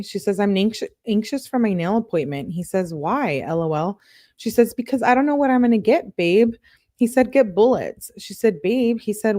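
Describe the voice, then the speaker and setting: A woman true-crime YouTuber reads a string of text messages aloud at a brisk clip, lifting her voice a little for the quoted lines. Her pitch sits mid-range, and the recording is close and dry with no room sound. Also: darkish tone, no room sound. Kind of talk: reading text messages aloud with casual commentary.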